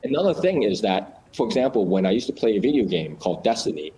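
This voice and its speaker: A man's voice: fairly low pitch, big pitch swings, fast talker, dark tone, a little hiss or hum, poor audio. A man in a casual chat, explaining ideas through little acted-out stories, with many fillers and restarts.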